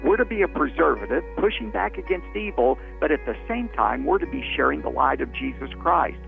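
A man preaches with a deeply gravelly voice that rises and falls in lively swings. The sound comes through thin and phone-like, with faint music underneath. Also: fairly quick. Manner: earnest preaching with illustrations. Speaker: pastor. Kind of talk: sermon. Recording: tinny phone-like broadcast with soft music.

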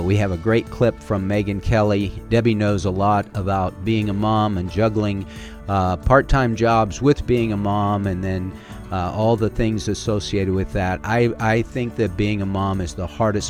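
A man's voice: on the low side, steady tone, moderate pace, darkish tone, soft background music. A middle-aged man hosting a talk radio show as a pastor, speaking earnestly in a folksy way with plenty of filler words. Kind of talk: casual talk radio with preaching. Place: radio studio.

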